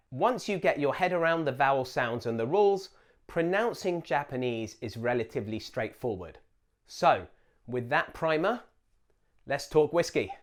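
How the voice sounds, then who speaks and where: A man hosting a show, giving a scripted educational narration in a clear, deliberate explainer manner. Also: mid-range voice. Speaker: host.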